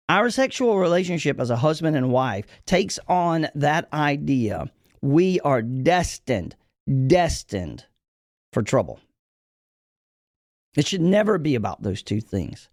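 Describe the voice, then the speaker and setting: A man preaching as a podcast host and pastor, emphatic and folksy, repeating his key lines slowly so they sink in. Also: a little high, very animated, no room sound, studio quality. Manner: folksy, addresses listeners as y'all. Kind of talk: preaching-style podcast talk.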